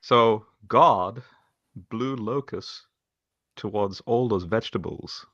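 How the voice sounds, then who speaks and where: A man's voice: on the low side, takes it slowly, a bit bright, dry recording, dull audio. A man co-hosting a debate review, talking casually in a tongue-in-cheek, joking way. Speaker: co-host of a debate review show. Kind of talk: casual discussion.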